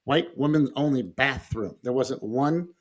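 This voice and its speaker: A middle-aged man telling family stories in casual conversation as a podcast guest, lively and chuckling often. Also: mid-range voice, a little slow. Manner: animated storyteller who acts out quoted voices, with frequent fillers and chuckles.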